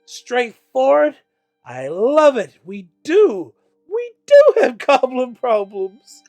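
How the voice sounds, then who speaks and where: A man's voice: high-pitched, expressive, slow pace, gravelly, a little mellow, soft background music, full character voice. A man voicing a huge, muscular woman shopkeeper who is eager and gushing.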